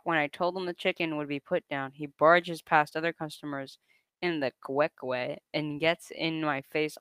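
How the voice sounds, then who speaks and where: A man's voice: a little high, sharp tone, smooth, dry recording. A young man casually reading an online story aloud to a co-host, often breaking into laughter as he reads.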